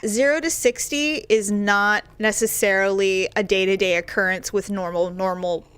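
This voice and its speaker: A middle-aged woman co-hosting a podcast, chatting casually and acting out quoted voices in an animated way. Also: medium pitch, moderate pace, smooth, no echo. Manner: animated storyteller, acts out quoted voices with big jumps. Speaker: podcast co-host. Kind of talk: casual chat.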